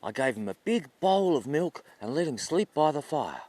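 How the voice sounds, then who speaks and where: A man putting on a shrill, nagging old wife. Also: sing-song, moderate pace, a little mellow, no echo. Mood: sweet-talking. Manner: shrill, insistent.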